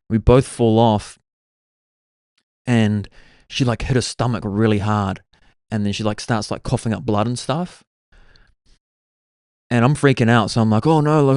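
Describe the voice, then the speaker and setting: A man's voice: on the low side, darkish tone, clean tone, no room sound, clean studio sound. A man, hosting his own podcast and rambling through stories in a casual way, full of "like" and "bro". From New Zealand. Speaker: podcast host. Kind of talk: casual solo storytelling.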